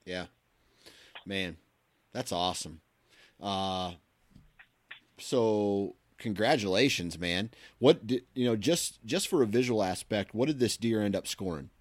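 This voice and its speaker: A man's voice: fairly low pitch, unhurried, long pauses, dry recording. A man hosting a podcast, chatting in an upbeat, casual, encouraging way. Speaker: podcast host. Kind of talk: casual interview chat.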